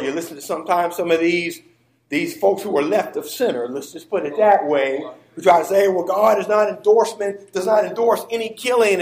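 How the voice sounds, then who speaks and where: High-voiced man preaching a sermon. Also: echoey room, rough recording. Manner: emphatic preaching with stressed words and call-and-response.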